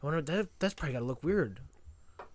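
A man chatting on a podcast in a relaxed way, using casual slang. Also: on the high side, fast talker, a loud crowd.

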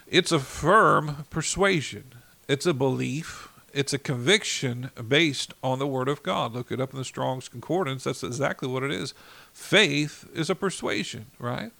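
A man's voice: medium pitch, vocal fry, fairly bright tone. A man ministering in an informal devotional talk, enthusiastic and fired up, often saying "you know.".

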